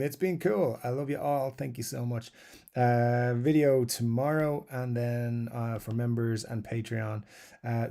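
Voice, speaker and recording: A man's voice: mid-range voice, creaky, dark tone. A man hosting a live guitar stream, reading out viewer comments and answering them in a loose, rambling way with lots of fillers and chuckles. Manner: rambling, self-described waffler, many fillers. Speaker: guitar channel host.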